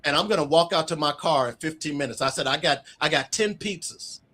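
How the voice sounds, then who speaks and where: A middle-aged author being interviewed tells stories casually in a fairly high voice, a little fast, with slight background noise. He's an animated storyteller who acts out the quoted dialogue.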